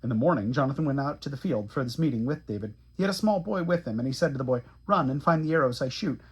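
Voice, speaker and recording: A man reading scripture aloud in a steady, earnest way. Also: mid-range voice, quick pace, husky. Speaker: Bible reader.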